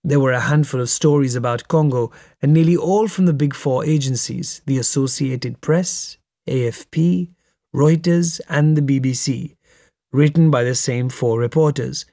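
A man's voice: mid-range voice, normal speed, dark tone, dry recording. Man narrating a memoir, dry close sound.

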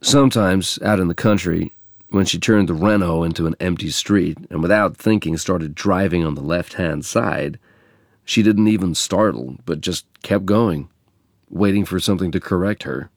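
Deep gravelly man reading a memoir. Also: dry recording, clean studio sound. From England. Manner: measured, reflective reading. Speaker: narrator. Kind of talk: audiobook memoir narration.

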